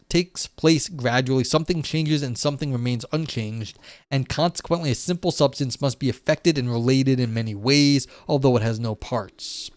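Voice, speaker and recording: A man's voice: mid-range voice, darkish tone, no room sound. A man reading a philosophy text aloud on a live stream and commenting in a rambling way, full of "you know" and "like". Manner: rambling, filler-heavy, frequent "you know" and "like".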